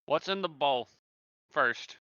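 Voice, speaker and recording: Bright-voiced wry man on a dull mic. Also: a little high, lively intonation, slow pace, clear, resonant tone, no room sound. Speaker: player. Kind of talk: casual tabletop game chat.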